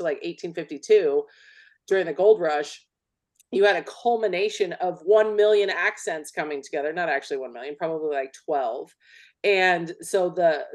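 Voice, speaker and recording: Opinionated californian woman, low voice. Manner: opinionated, swears freely, lots of "like". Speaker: podcast co-host. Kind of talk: casual chat.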